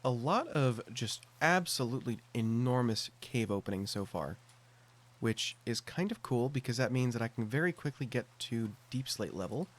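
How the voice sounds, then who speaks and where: A man's voice: medium pitch, animated, normal speed. Chatty man narrating his gameplay. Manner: chatty, thinks aloud with self-mocking asides. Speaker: gameplay commentator. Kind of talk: casual let's-play commentary.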